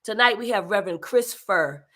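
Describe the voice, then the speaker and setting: A woman's voice: medium pitch, moderate pace, bright, forceful tone. A woman host and moderator opening a livestream, energetically calling out viewers' towns and welcoming them.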